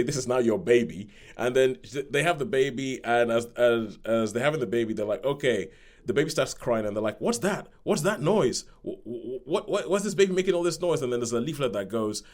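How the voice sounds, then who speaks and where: A man's voice: mid-range voice, darkish tone. A man casually reviewing a film on a podcast, rambling and repeating words as he acts out bits of dialogue.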